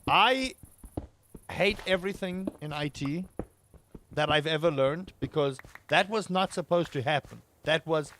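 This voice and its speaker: Streamer: South African man, slightly high voice, chatty and ranty. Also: lively intonation, a little slow, fairly bright tone, dry recording. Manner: chatty, ranting, playful exaggeration. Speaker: live streamer. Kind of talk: casual live game-stream chat.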